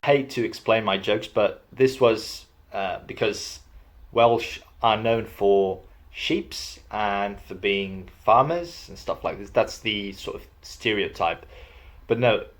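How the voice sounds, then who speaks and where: A man's voice: lowish voice, slow. A young man from Spain, chatting casually in a vlog about accents, with a self-deprecating tone and frequent hesitations. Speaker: vlogger.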